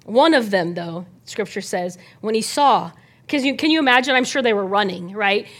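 A woman teaching a Bible passage in a relaxed, conversational way, often asking her listeners to imagine the scene and checking in with "right?". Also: medium pitch, moderate pace.

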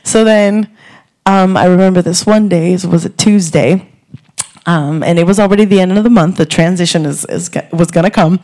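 A woman's voice: fairly low pitch, moderate pace, dark tone. Young woman, twenties, nervous earnest testimony, lots of fillers. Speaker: youth director. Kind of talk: testimony in church.

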